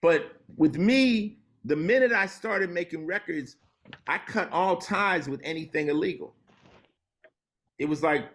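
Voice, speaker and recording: A man chats as an interview guest in an easygoing, storytelling way. His voice sits a little high for a man. He drops low and slow for the serious points. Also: fairly bright tone. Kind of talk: casual conversation.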